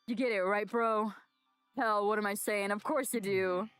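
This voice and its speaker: A woman doing a gruff teenage gang-leader boy. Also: medium pitch, steady tone, moderate pace, fairly bright tone, no echo, faint music behind, close to an everyday voice. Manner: gruff, blunt, slangy.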